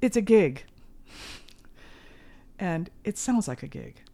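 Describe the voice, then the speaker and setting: A middle-aged woman talking as a guest musician in a casual interview, earnest and animated. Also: mid-range voice, takes it slowly. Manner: earnest and animated, with sudden loud mimicry.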